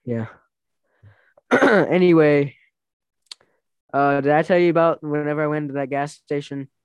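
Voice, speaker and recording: A man's voice: fairly high pitch, a little slow, clear, resonant tone, no room sound. A young man casually chatting and telling rambling, laughing stories, full of fillers and restarts. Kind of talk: casual chat.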